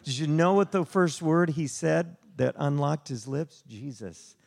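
A man preaching a sermon to a congregation, telling a story in an animated, conversational way. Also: a little high, unhurried, creaky. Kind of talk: sermon with slide show.

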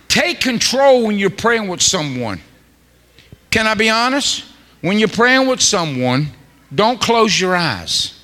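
Joking male preacher, high tense voice, colloquial storyteller delivering a sermon. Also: bright, forceful tone, long reverb tail. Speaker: guest preacher. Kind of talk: humorous sermon.

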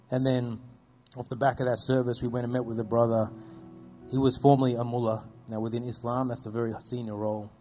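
A man telling earnest faith stories as an interview guest, dropping his voice low at solemn moments. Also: little pitch movement, a little fast, warm tone, faint music behind. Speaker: guest speaking about persecuted churches. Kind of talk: storytelling testimony.

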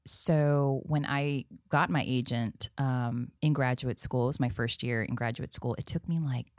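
A woman from South Texas with a notably low voice talks as an interview guest. Her stories are animated, with Spanish phrases dropped in. The recording is dry and close, with no room sound. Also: unhurried, dry recording. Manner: animated storyteller who drops into Spanish phrases. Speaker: acting professor and actress, podcast guest. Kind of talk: casual conversational interview.

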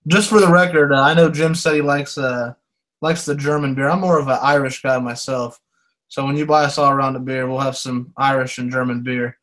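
A man's voice: mid-range voice, steady tone, a bit bright. A man co-hosting a casual sports podcast, easygoing and teasing, with many "you know" fillers. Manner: laid-back, joking, drawn-out fillers. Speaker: podcast co-host.

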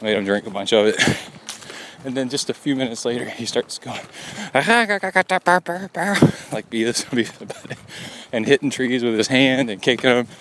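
A man's voice: mid-range voice, a little fast, rough recording. Middle-aged man rambling on a trail. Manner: rambling storyteller, chuckling often. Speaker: podcast host. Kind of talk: casual on-the-go recording. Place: outdoors on a forest trail. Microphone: handheld recorder carried on a run. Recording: outdoor field recording with steady noise.

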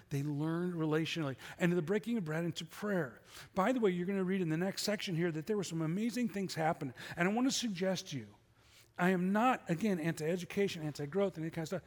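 A man's voice: high voice, darkish tone, in a large hall. A middle-aged man preaching a sermon as pastor, conversational and full of rhetorical questions. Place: church sanctuary.

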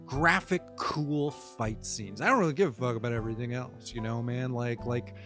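A man talks casually on his own show and swears freely. He rambles and restarts his sentences as he speaks to his listeners. Faint guitar music plays quietly behind him. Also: medium pitch, normal speed. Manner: rambling, profane, with many restarts. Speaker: podcast host. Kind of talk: casual solo commentary.

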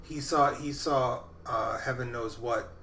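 Gravelly-voiced man chatting about films. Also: mid-range voice, fairly even intonation, a little slow, sharp tone, reverberant, a little hiss or hum. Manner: rambling, self-interrupting. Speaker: podcast co-host. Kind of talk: casual film chat.

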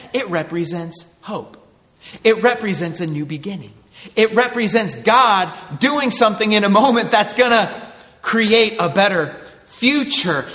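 Man, 30s, pastor, high voice, earnest conversational sermon, rhetorical questions, long hall reverb. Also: a bit bright.

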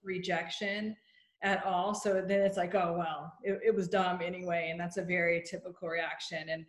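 A woman's voice: on the low side, flat delivery, normal speed. A woman coach speaking in casual conversation in a supportive, explanatory way. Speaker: coach with clients.

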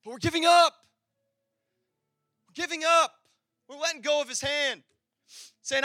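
Pastor, male, very high and bright voice, passionate sermon, dry sound, soft music under. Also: steady tone, a little slow, no echo. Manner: passionate, swings between loud and quiet. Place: church hall.

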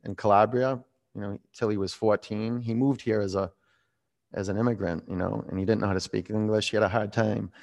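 A man in his forties leading a yoga class, calm and reflective as he tells a personal story between pose cues. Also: lowish voice, brisk, gravelly. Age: 40s. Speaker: yoga instructor.

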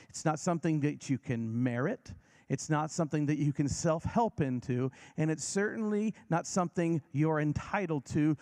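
Man, preacher, sermon, mid-range voice, emphatic, dramatic pacing, soft-to-loud swings, call-and-response. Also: mid-range voice. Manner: emphatic, varies pace and volume for effect; leads the congregation in repeating lines.

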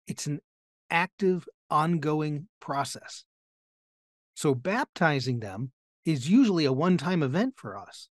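A man with a slightly raised pitch teaches a Bible passage, explaining it step by step. He keeps turning to his listeners with rhetorical questions. The sound is close and dry, with no room echo. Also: expressive, unhurried. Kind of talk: teaching sermon.

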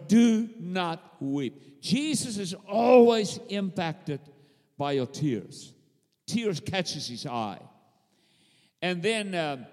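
Fervent high-voiced male preacher. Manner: fervent, repetitive preaching with call-and-response to the congregation. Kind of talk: sermon. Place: church sanctuary. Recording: long hall reverb.

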